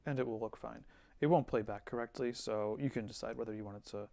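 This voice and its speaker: A man giving a relaxed screen-recorded music software tutorial, thinking aloud with fillers as he works. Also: mid-range voice, quick pace, gravelly, no echo. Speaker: music teacher.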